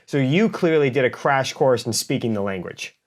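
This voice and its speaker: A man's voice: mid-range voice, expressive, normal speed. A man hosting a podcast, asking long, enthusiastic, rambling questions. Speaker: podcast host. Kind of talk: casual interview chat.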